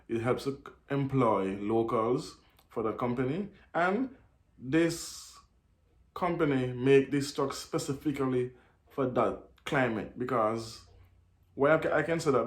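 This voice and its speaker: A man talking fast and restarting often, commenting on a video for his channel. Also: medium pitch. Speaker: video host. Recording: echoey room.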